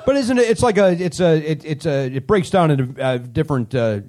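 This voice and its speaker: A man hosting a live comedy show on a club stage, teasing the audience with quick sarcastic riffs. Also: on the high side, expressive, darkish tone. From Canada. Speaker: comedy podcast host. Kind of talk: live comedy crowd work.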